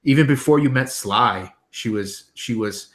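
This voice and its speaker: A man narrating as game master of a tabletop game, halting with frequent ums and restarts. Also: medium pitch, fairly bright tone.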